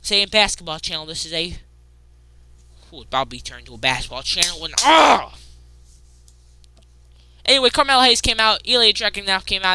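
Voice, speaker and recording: A woman hosting a casual wrestling recap, excitable, jumping between loud outbursts and muttered asides. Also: lowish voice, clean tone, dry recording.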